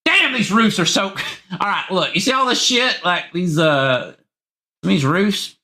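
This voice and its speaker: A man's voice: high-pitched, lively intonation, a little slow, bright, forceful tone. A man with a Southern accent hosting a live call-in stream, joking around rowdily and swearing freely. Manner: rowdy, profane and joking. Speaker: livestream call-in show host. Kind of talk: casual live stream chat.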